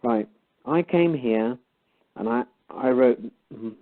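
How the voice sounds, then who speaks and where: A medium-pitched man takes his time as he phones in to a call-in show. He retells a story in a casual, animated way, voicing both people in the dialogue, and the audio has a phone-line quality.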